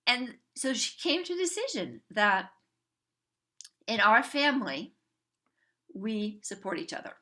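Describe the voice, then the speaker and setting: Bright-voiced woman telling a story. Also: mid-range voice, moderate pace, hardly any pauses. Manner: animated, acts out quoted family members. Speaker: parenting coach. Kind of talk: storytelling talk to a group.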